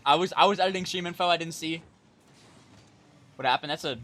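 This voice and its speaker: A man's voice: a little high, fairly quick, long pauses, a bit bright, soft background music. A young man casting an online car soccer match live from his home stream setup, chatty and self-deprecating, calling plays between asides. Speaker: esports caster. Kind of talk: casual game commentary. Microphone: desk mic with face cam.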